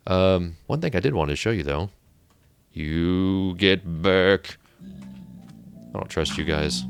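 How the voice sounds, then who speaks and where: A deep-voiced man talks through his game in a loose, rambling way, restarting sentences as he goes. He sounds relaxed and chatty, like a host chatting with his regular viewers. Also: a little hiss or hum. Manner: rambling, chatty, self-interrupting. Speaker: let's play host. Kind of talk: casual gameplay commentary.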